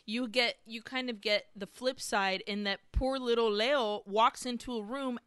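A woman co-hosting a casual podcast, walking through a film plot with eager, laughing restarts. Her voice is bright and crisp, recorded close and dry. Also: on the high side, unhurried, no room sound. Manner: excited, retelling scenes with laughs and restarts. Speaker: podcast co-host. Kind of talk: casual film recap chat.

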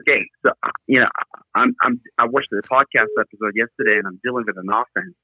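A man's voice: medium pitch, sing-song, fast talker, vocal fry, slightly rough, no room sound. A man calling in to a show, chatty and laughing, heard over a phone line. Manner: laughing, chatty, stumbling restarts. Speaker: caller. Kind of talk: casual phone call. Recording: tinny phone line, dry.

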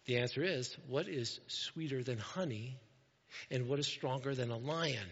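A man preaching a sermon in an animated, joking way, with frequent asides to the congregation. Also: medium pitch, moderate pace, big-room sound, highs cut off. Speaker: pastor.

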